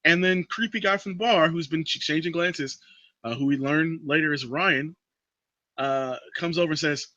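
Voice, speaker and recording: A man hosting a casual chat, recapping a film plot as an animated storyteller. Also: moderate pace, no echo, dull audio. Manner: animated storyteller, drops into a creepy low voice for quotes. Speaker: podcast host recapping a movie.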